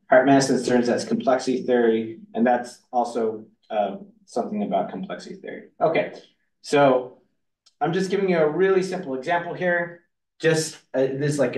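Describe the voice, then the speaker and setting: A man's voice: mid-range voice, a little mellow. A man giving a university lecture, rambling and restarting his sentences with many fillers. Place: lecture hall. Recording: roomy hall audio from far off.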